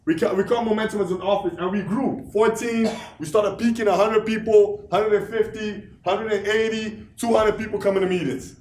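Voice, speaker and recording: A man with a high voice gives a motivational speech in an echoey meeting room. He keeps firing rhetorical questions at the crowd and repeats key lines for emphasis. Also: fairly even intonation, moderate pace, hardly any pauses, a little mellow, slight background noise. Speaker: office leader giving a motivational talk.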